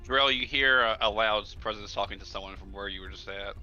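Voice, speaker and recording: Bright-voiced man running a tabletop game. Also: fairly low pitch, a little fast, dull audio, faint music behind. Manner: casual, swears freely, stumbles on words. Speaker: game master.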